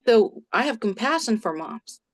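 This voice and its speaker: A woman in her forties, a clinical social worker, telling animated stories as a podcast guest from her home office and acting out quoted voices. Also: on the high side, normal speed. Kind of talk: casual storytelling in a podcast interview.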